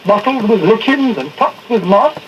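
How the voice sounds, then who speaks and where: An actor playing a hearty, earnest doctor sidekick in a 1940s radio drama. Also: male voice, high-pitched, animated, normal speed, a little hiss or hum. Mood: narrating. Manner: hearty, flustered and stumbling. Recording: dull old radio broadcast recording.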